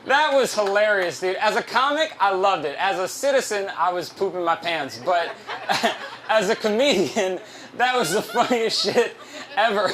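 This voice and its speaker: A man's voice: sits high, moderate pace, crowd noise, low-quality recording. A man doing a stand-up comedy set at a live venue, loose, profane and self-mocking, on a handheld stage mic.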